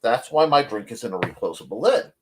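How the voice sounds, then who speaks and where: Chatty male host, lively pitch. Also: a little fast, a little hiss or hum. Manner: chatty, talks to his cats in a sing-song voice. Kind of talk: casual live-stream chat while drawing.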